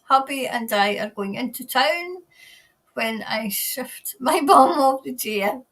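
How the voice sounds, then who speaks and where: A woman's voice: high-pitched, expressive, slow, a bit bright. Chatty Scottish woman greeting livestream viewers. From Scotland. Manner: chatty, reads comments aloud, greets viewers by name. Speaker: tarot livestream host reading viewer comments. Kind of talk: casual livestream chat. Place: New Zealand.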